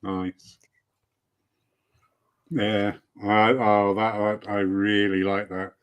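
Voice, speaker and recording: A man's voice: lowish voice, level tone, extremely slow, clean tone, lo-fi sound. A man hosting a casual live-stream chat, a spiritualist service leader who talks in a rambling way with playful asides. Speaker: host.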